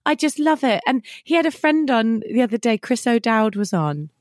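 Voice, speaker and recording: A woman's voice: fairly high pitch, very animated, normal speed, no room sound, studio quality. A woman chatting as a podcast guest, enthusiastic and gushing. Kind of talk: casual chat.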